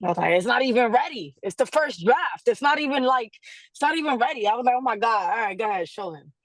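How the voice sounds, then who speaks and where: A woman being interviewed, telling a story in a casual, animated way, acting out quotes and laughing often. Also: fairly high pitch, fast talker, no echo. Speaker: guest artist.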